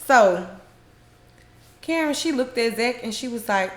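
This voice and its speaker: A woman's voice: on the high side, expressive, a little slow, pauses often, fairly bright tone. A woman casually recapping a TV episode, retelling scenes in her own words with slang and frequent laughter. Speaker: recap host.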